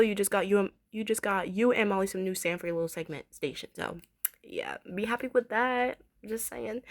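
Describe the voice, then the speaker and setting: A woman in her twenties reviewing a cartoon episode in a casual, excitable way, gushing and repeating herself as she talks. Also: mid-range voice.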